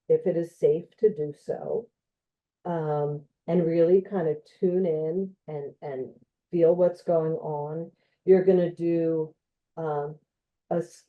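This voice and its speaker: A woman with a low voice gives an informal educational talk at an unhurried, gentle pace. She speaks conversationally, with frequent ums and you-knows. Her voice comes through a thin, tinny, phone-like online connection. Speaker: occupational therapist presenting a talk.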